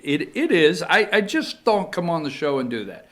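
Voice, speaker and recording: A man's voice: fairly high pitch, very animated, moderate pace, few pauses, a bit bright. A man hosting a talk show, talking casually in a rambling, emphatic way with sudden emotional outbursts.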